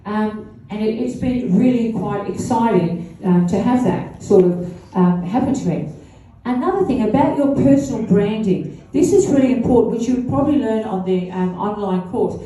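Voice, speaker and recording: An older woman, a guest speaker at a launch event, gives a rambling, chatty speech and laughs between asides. Her medium-pitched, mellow voice has lively intonation and a moderate pace, recorded from far off in an echoey room.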